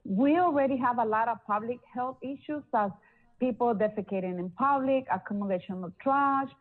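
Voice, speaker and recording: A woman giving an earnest, slightly halting public comment over the phone. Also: on the high side. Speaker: public caller. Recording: phone line.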